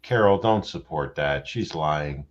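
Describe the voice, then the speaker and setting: A man's voice: very deep voice, measured pace. A man hosting a livestream in casual chat, joking, swearing and poking fun at himself. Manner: joking, swearing, self-mocking, animated. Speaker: livestream host. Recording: dull lo-fi sound.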